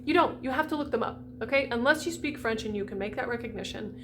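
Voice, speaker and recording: Talking fast in a slightly high voice, an American woman voice coach gives singers a pronunciation lesson. She's chatty and emphatic, demonstrating sounds aloud, with background noise present.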